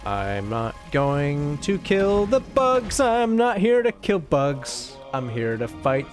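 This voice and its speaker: A man hosting a let's play, giving rambling, casual gameplay commentary full of swearing and excitable outbursts. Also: on the high side, takes it slowly. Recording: game music in background.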